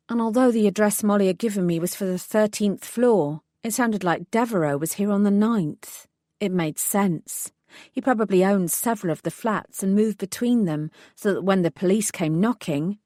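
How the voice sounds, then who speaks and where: A woman reading a first-person audiobook in a measured, wry storytelling manner. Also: medium pitch, mellow, no echo, clean studio sound. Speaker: audiobook narrator. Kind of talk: scripted first-person narration.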